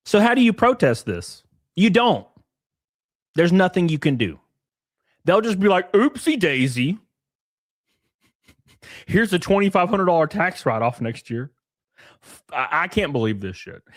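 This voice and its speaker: A man with a high, wildly swinging voice rants on a live stream, swearing freely and firing off questions. The sound is close and dry, with no room around it. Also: no echo. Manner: profane, animated ranting; reads viewer chat aloud. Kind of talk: ranting live-stream chat.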